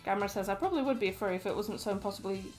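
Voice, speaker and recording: A woman's voice: medium pitch, racing, darkish tone, faint music behind. A woman co-hosting a stream, reading chat messages aloud and tossing in dry, teasing jokes.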